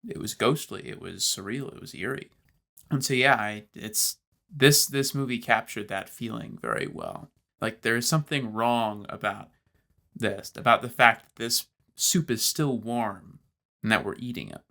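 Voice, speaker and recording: Low gravelly man musing on film. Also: expressive, moderate pace, sharp tone. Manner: reflective, hesitant with many fillers. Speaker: podcast co-host. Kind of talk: casual film discussion.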